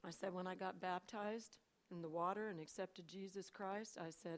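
An older woman telling her personal testimony to a church audience, swinging between hushed asides and loud, animated storytelling. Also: on the low side, normal speed, few pauses. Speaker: church speaker.

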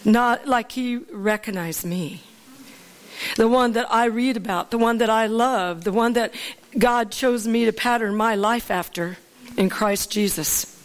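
Woman preacher from Alaska, high-voiced, animated storyteller. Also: measured pace. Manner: animated, laughing storyteller who asks the audience "Amen?". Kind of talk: storytelling sermon.

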